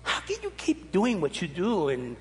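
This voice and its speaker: A man voicing his curious young adult daughter, asking quick rising questions. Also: on the low side, wildly swooping pitch, big-room sound.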